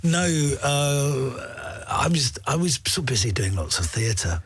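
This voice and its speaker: A man from London with a London accent, a guest actor chatting in a radio studio, self-mocking and quick to laugh. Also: mid-range voice, big pitch swings, a bit bright, a little hiss or hum. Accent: London English. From England. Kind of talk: casual radio interview chat. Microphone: studio microphone.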